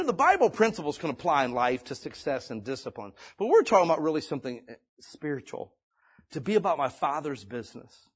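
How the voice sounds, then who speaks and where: Husky, lively preaching man. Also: fairly high pitch. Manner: folksy, conversational preaching; swings between loud and hushed delivery. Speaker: pastor. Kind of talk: sermon. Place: church or meeting room.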